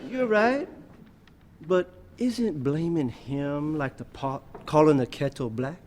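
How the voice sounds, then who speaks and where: An actor playing a slick defense lawyer who questions a witness in court. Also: male voice, fairly high pitch, slow, darkish tone, slight background noise. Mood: probing. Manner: smooth, probing, mocking. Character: slick male defense lawyer cross-examining.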